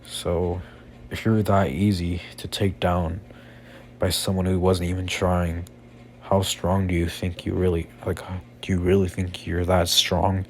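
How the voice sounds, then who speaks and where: A man voicing a calm, confident young male hero student, in a casual, halting delivery with fillers. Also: low-pitched, slight background noise.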